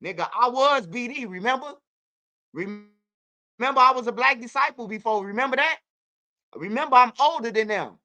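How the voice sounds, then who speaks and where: A woman from Chicago hosts her channel, speaking at a moderate pace in a slightly high voice. Her livestream commentary is casual and animated, profane and repetitive, as she tells stories.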